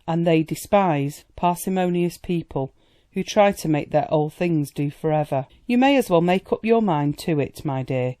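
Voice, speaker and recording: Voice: medium pitch, dark tone, dry recording, natural voice. A reader voicing a worldly society woman who talks in a chatty, amused and indulgent way, in an audiobook.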